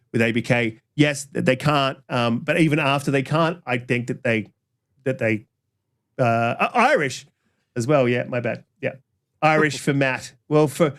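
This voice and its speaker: A man hosting a gaming podcast in casual chat, rambling with many fillers and restarts, quick to apologize. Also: mid-range voice. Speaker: podcast host.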